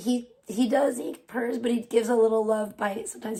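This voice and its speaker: A woman hosting a casual livestream who swears freely and slips into high baby talk with her cat. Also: moderate pace, a little mellow, slight background noise. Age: adult, older than most of her chat. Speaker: livestream host.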